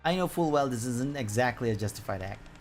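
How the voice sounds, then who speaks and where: A man reads the part of a secretive collector who smuggles supplies in from the surface, sounding earnest and a little halting. The voice sits at an ordinary middle pitch and trips over words now and then before restarting. Soft music plays faintly underneath. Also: animated, close to an everyday voice. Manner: reads lines aloud with stumbles and restarts.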